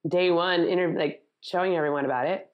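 Woman, podcast co-host, casual chat, reactive, quick exclamations, lowish voice. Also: steady tone, highs cut off.

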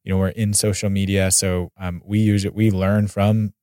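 A man's voice: deep voice, level tone, normal speed, darkish tone, smooth, no echo, clean studio sound. An American man hosting a podcast interview, talking casually with many fillers and restarts. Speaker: podcast host.

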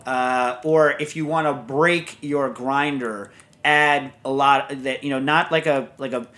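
A man in a relaxed podcast conversation, talking at an easy middle pitch. He rambles through stories with lots of asides and "you know"s, in a loose, chatty manner. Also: measured pace. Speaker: podcast host. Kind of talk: casual chat.

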